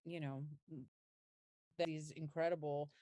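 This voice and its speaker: A woman from the United States, a singer speaking as a guest in an interview, earnest and reflective, pausing to find her words. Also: deep voice, level tone, mellow, dry recording, studio quality. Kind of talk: conversational interview.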